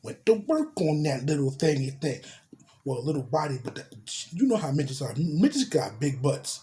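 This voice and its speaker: A man's voice: a little high, big pitch swings, moderate pace, warm tone, a little hiss or hum. A man telling a crude personal story in casual slang, dropping in spoken sound effects. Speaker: storyteller vlogger.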